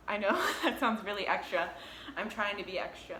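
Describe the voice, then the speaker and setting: A young woman vlogger telling a story to camera in a casual, animated way, acting out her own reactions and swearing freely. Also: medium pitch, a little fast, echoey room, noisy background.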